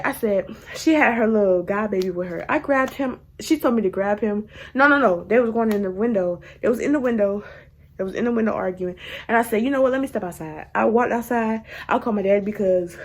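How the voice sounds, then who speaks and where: A young woman telling a casual storytime to her viewers, animated and laughing as she goes. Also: medium pitch, brisk. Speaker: vlogger.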